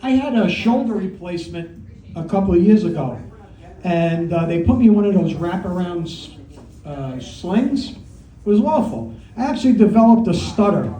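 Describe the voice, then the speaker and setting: A man's voice: high voice, animated, moderate pace, mellow. A middle-aged man from Brooklyn with a heavy New York Italian-American accent, doing a brash, profane stand-up set at an open mic. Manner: brash, profane storytelling with punchlines. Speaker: stand-up comedian. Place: comedy club with audience. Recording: echoey room, mic heard from a distance. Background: audience laughter.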